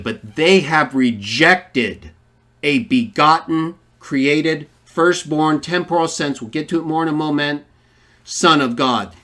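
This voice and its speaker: Slow, emphatic man teaching scripture. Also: on the high side, a bit bright. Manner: emphatic, argumentative, rhetorical questions. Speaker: online Bible teacher. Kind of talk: polemical Bible teaching.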